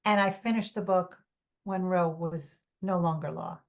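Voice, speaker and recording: A woman's voice: lowish voice, steady tone, a little slow, vocal fry, darkish tone. Muffled woman novelist guest. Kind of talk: casual interview chat.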